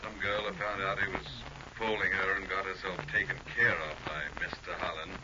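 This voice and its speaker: An actor playing a blunt, matter-of-fact police captain giving a warning over a call, in 1940s radio acting style. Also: male voice, low-pitched, fairly even intonation, normal speed, natural voice. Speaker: police captain calling by phone. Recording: muffled old radio recording with clear hiss.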